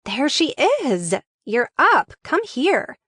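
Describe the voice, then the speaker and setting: A woman's voice: sing-song, moderate pace, dry recording, clean studio sound. A woman voicing a flashy makeup artist in her late thirties, bubbly and eager, while reading a screenplay aloud. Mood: gushing. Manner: bubbly, eager, pitch jumping up.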